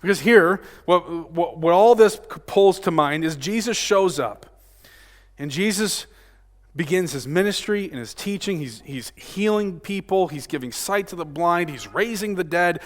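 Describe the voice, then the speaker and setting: A man with a fairly high voice preaching a sermon, his words ringing with the long reverb of a church sanctuary. He swings from loud, emphatic peaks down to hushed, almost murmured lines, and keeps tossing in "right?" to pull his listeners along. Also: animated, a little slow. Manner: frequent rhetorical "right?" tag questions. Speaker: pastor.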